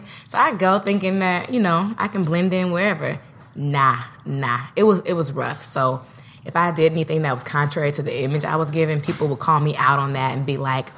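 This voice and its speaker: A young woman from Oakland, California, co-hosting a podcast in a playful, animated storytelling manner with lots of slang. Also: low voice, brisk. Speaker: podcast co-host. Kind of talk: casual chat.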